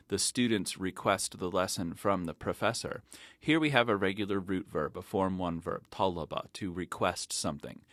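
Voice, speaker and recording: A man's voice: deep voice, fairly bright tone, no room sound, clean studio sound. A man giving a recorded grammar lesson, explaining verb patterns in a methodical, step-by-step way. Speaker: Arabic teacher.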